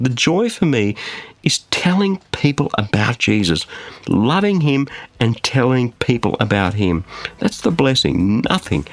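A man preaching from a studio, his voice swinging widely up and down in pitch. He leans hard on phrases and keeps firing rhetorical questions at the listener. The sound is close and dry. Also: no room sound. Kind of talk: studio sermon.

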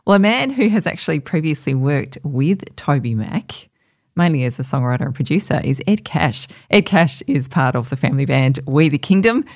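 Upbeat radio DJ, slightly high. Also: male voice, very animated, normal speed. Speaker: radio host. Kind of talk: radio DJ link.

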